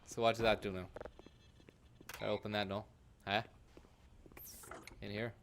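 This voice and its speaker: A man giving sweary, joking live commentary while playing a game, now and then bursting into loud shouts. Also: fairly low pitch, level tone, moderate pace, slight background noise. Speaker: gaming streamer.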